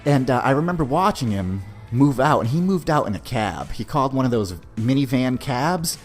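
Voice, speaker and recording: Male podcast host spinning a casual yarn, relaxed delivery, soft music bed. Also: medium pitch, normal speed. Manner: laid-back, peppers talk with "man". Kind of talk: casual storytelling.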